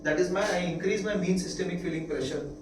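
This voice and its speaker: Recorded from a distance in an echoey room with background noise, this man lectures students in a high voice and an Indian English accent. His style is repetitive, returning to key points and quickly asking if the class follows.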